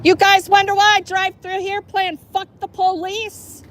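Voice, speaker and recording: A woman's voice: very high-pitched, flat delivery, measured pace, a bit bright. A woman filming police on a city street, heckling them in a profane, sarcastic way.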